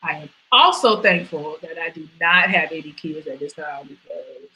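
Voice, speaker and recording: A young woman with a lilt performs her comedy set from home over a stream. Her voice is bright and forward. She leaps into high squeals, then drops to quiet mutters, with a faint hum of room noise behind her. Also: expressive, normal speed, rough recording. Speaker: stand-up comedian.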